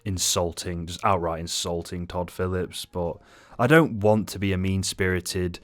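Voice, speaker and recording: A man with a deep, low voice talks through an unstructured film review. He is exasperated and sweary, and he rambles from point to point. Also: fairly even intonation, a little slow.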